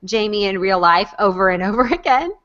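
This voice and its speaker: A woman co-hosting a casual fan chat over a video call, enthusiastic with quick asides. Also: mid-range voice, expressive, fairly bright tone, lo-fi sound. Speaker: podcast co-host.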